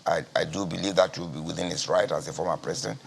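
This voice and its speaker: A Nigerian man speaking as a party spokesman in a news interview, measured and deliberate, often repeating his key phrases. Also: low-pitched, fairly even intonation, a little hiss or hum. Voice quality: gravelly, husky. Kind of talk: guarded TV news interview answers.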